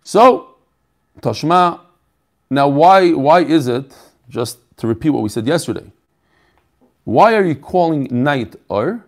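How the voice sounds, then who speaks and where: A man with a fairly high, animated voice teaches a daf shiur on the Talmud, speaking slowly and pausing often. He poses questions and answers them, repeats his phrases as he explains, and mixes Yiddish-flavored terms into his English.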